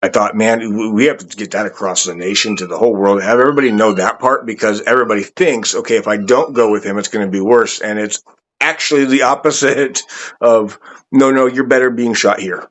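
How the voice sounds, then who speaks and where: A male interview host who keeps affirming his guest with eager agreement. His voice is on the low side. The audio is dull and lo-fi, like a remote call. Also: fairly quick, fairly bright tone. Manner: affirming, enthusiastic.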